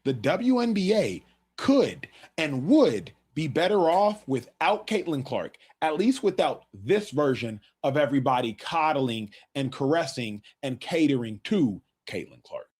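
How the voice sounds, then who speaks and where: A man's voice: a little high, very animated, a little slow, a little mellow, slightly rough. A man giving blunt, dismissive sports commentary in a clip.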